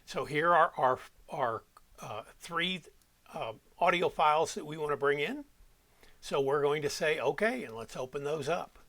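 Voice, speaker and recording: A man giving a step-by-step software walkthrough as an audio production instructor, talking while he clicks. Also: fairly high pitch, animated, unhurried.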